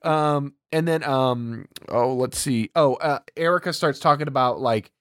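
A man's voice: medium pitch, unhurried, a bit bright, clean tone, no echo, clean studio sound. A man casually retelling a movie's plot, rambling with lots of ums and acting out the characters' lines. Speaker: podcast co-host. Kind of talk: casual movie recap chat.

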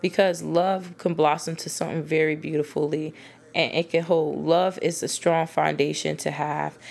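A woman with a low, gravelly voice rants to the ladies about dating. Her talk is casual, blunt and full of swearing, and it keeps an animated edge as she warns women off bad men. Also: normal speed. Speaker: dating advice vlogger. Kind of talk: casual advice monologue to women.

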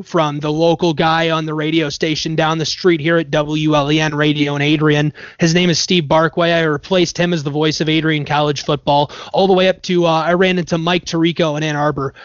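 Man, play-by-play commentator, casual interview, slightly high voice, dull dry lo-fi sound. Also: no room sound. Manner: chatty, explains with worked examples and restarts. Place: Michigan area.

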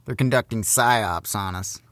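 A man's voice: on the low side, unhurried, fairly bright tone, no echo. A man co-hosting a podcast in casual chat, full of wry jokes and banter. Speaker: podcast co-host.

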